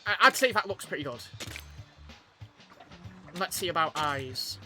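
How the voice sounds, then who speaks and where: A man's voice: a little high, sing-song, measured pace, sharp tone. A man giving casual let's-play commentary, chatty and hesitant, with lots of "um" and "like" fillers. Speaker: gameplay commentator. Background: game music.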